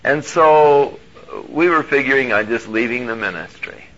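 A male pastor telling a personal story in a sermon, animated and moving between hushed and loud delivery. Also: medium pitch, brisk, slight background noise. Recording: dull lo-fi recording.

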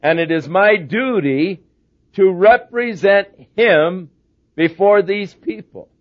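A man's voice: high-pitched, lively intonation, takes it slowly. A man preaching a sermon as a pastor, telling humorous stories. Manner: anecdotal, humorous storyteller. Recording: dull lo-fi sermon recording.

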